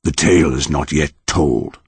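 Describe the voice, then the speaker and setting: A man voicing an ancient male yew-tree monster who speaks slowly, gravely and without mercy. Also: a bass voice, animated, dry recording, pitched below the performer's own voice, exaggerated voice. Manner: slow, solemn and unyielding.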